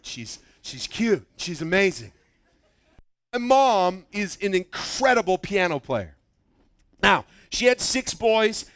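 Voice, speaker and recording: A man preaching a sermon, telling a story with lively acted-out quotes. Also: high-pitched, no echo. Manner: animated storytelling, acts out quoted voices. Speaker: pastor.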